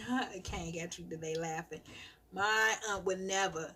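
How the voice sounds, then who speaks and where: A mother live-streaming, telling animated stories about her children in a casual rant and laughing often. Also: on the low side, measured pace, a little hiss or hum.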